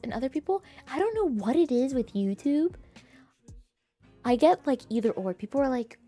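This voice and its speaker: A bubbly young woman chats with her stream in a higher voice, full of "like"s. She acts out quoted voices as she goes. Faint music plays behind her. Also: expressive, moderate pace, mellow. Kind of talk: casual chat with live chat.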